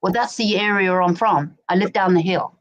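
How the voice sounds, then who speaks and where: A woman with a lowish voice speaks at a moderate pace, her highs cut off since she uses no external mic. Hailing from Berkshire, England, she's a guest on a home live stream, chatting casually, telling stories and often asking "do you know what I mean".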